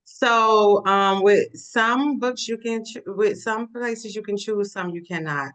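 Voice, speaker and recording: A woman author chatting on a video call in a casual book club discussion, animated and expressive, sometimes slipping into playful voices. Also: mid-range voice, slow. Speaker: author guest.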